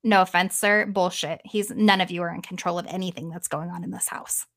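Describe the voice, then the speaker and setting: A woman podcast host casually retelling a story in an animated way, swearing freely and trailing off now and then. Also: lowish voice, brisk.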